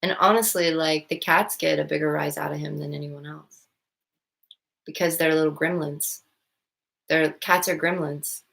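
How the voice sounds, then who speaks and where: Low-voiced woman musing casually. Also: steady tone, normal speed, gravelly, a bit bright. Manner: rambling, many "like" fillers and restarts. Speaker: vlogger and stepmom. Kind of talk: casual reflective monologue.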